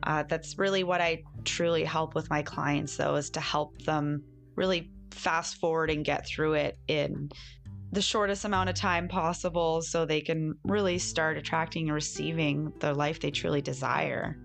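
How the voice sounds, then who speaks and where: A woman's voice: sits low, steady tone, normal speed, creaky, soft background music. A woman who works as a holistic coach, speaking as an enthusiastic podcast guest. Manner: enthusiastic, self-help phrasing.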